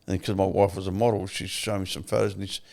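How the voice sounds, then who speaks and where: Gravelly older Australian man, blunt. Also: low voice, quick pace. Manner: blunt, swears freely, animated retelling. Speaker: podcast guest. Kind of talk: candid interview storytelling.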